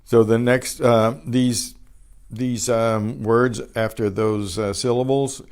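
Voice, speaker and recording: An older man teaches a beginners' Spanish class, patiently and slowly sounding out each word twice and explaining pronunciation in a relaxed way. His voice is medium-pitched and clean, and he trails off quietly after his explanations.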